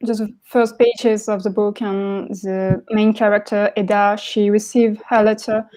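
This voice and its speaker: Young french woman on a panel, mellow soft voice, kinda hesitant. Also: medium pitch, flat delivery. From France. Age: 20s. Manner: earnest, pausing with fillers. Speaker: panelist, graphic novelist. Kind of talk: panel discussion answer.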